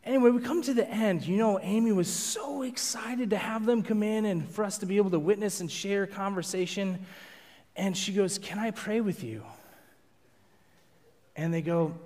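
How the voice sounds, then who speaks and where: A man preaching to a live congregation, telling a self-deprecating personal story in an animated way. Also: high voice, normal speed. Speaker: pastor. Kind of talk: storytelling sermon. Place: large hall with a live audience. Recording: long hall reverb.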